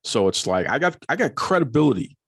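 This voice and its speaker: Male podcast host, playful and teasing; animated pitch, dry close sound. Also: a little fast, creaky, slightly rough, no room sound. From Boston area. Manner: jokey, teasing, laughs often. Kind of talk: casual podcast chat.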